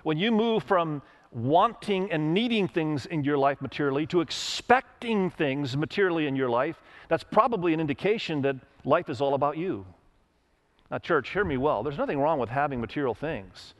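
Middle-aged guy preaching a sermon, voice on the high side, tells stories and acts out the people in them. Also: expressive, moderate pace. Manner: storytelling with acted quotes, emphatic rises. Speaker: pastor.

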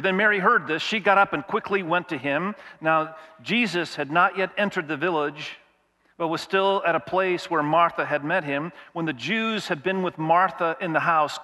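Man preaching a sermon, animated, bright forceful tone, slightly high voice, long hall reverb. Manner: animated preaching, reads scripture aloud, asks the congregation questions. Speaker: pastor.

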